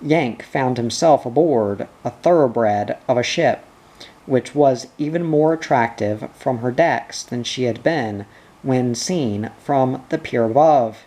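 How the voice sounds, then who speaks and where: Slow, measured male audiobook narrator. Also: medium pitch, dark tone.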